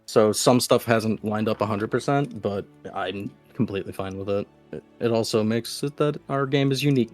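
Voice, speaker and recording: A young man as dungeon master, calmly explaining game rules. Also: lowish voice, moderate pace, faint music behind.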